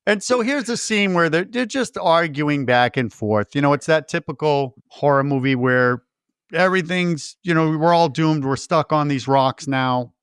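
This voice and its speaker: Podcast co-host, male, slightly high, lively retelling voice, dry studio sound. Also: normal speed, smooth, dry recording. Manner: animated retelling, acts out movie lines. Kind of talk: casual film discussion.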